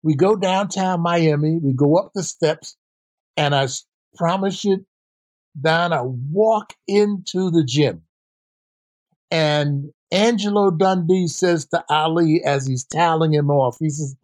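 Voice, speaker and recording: Older man telling lively stories, dry sound. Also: fairly high pitch, slow pace, dry recording. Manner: animated, acts out quoted voices. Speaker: guest, former basketball player and coach. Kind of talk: storytelling interview answer.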